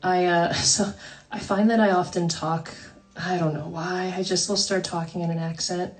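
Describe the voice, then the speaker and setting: A woman's voice: fairly low pitch, steady tone, normal speed. A woman singer-songwriter chatting casually between songs on a livestream from home, talking in a self-deprecating way and laughing often. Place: home, by a fire. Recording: voice somewhat distant from the mic.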